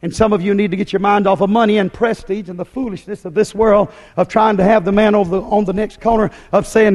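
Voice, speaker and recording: High-voiced fiery male preacher in echoing hall. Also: steady tone, fast, hardly any pauses. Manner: loud, shouting, folksy preaching with rising pitch. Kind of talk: fiery sermon. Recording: long hall reverb.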